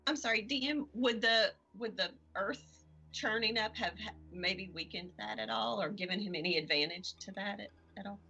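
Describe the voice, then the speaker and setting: A woman's voice: medium pitch, moderate pace, gravelly, sharp tone, highs cut off, soft background music. A woman playing a tabletop game, hesitant and full of fillers, often laughing at herself. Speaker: player.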